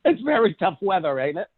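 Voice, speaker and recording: A man's voice: high-pitched, slightly rough, narrow, tinny audio. A man in casual chat who tells stories with a lot of energy, laughs often and acts out voices as he goes. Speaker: co-host.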